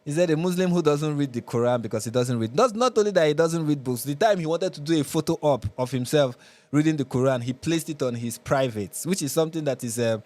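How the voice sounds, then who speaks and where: A man's voice: medium pitch, a little mellow. A Nigerian man hosting a live reaction show, commenting with sarcasm and exasperation.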